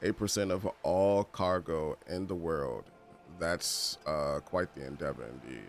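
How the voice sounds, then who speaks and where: A gaming streamer with a rumbling low voice and a slightly slow pace does casual let's-play commentary, chatting in slang, laughing often, and reading game text aloud. Soft music plays in the background.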